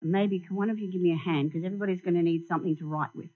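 A woman giving an animated sermon in a church, asking the congregation questions and showing them props. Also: on the low side, racing. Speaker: church speaker. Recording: dull lo-fi recording.

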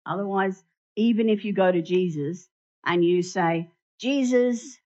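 A woman giving an animated sermon in a church, asking the congregation questions and showing them props. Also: lowish voice, moderate pace. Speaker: church speaker. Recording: dull lo-fi recording.

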